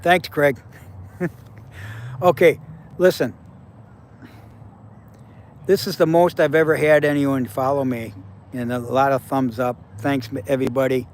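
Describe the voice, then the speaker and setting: A man's voice: mid-range voice, steady tone, a little slow, pauses often, slight background noise. A man in his seventies talking casually to viewers on a livestream, blunt and profane, handing out life advice. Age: 70s. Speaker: livestream host.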